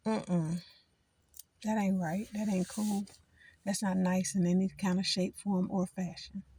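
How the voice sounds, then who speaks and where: Sitting in a parked car, a middle-aged woman talks loosely to her viewers, drifting between thoughts in a casual vlog chat. She speaks at a measured pace in a level, mid-range voice that is dark and husky.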